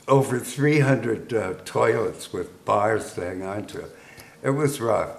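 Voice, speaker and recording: Slow-spoken man in his eighties. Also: lowish voice, animated, vocal fry. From United States. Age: 80s. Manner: unhurried storytelling with chuckles. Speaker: veteran guest. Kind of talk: recounting wartime memories. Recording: echoey room with faint noise.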